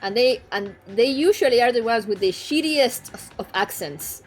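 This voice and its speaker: A young woman streaming and chatting casually, frank and quick to swear, laughing often. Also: fairly high pitch, animated. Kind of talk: casual chat. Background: faint background music.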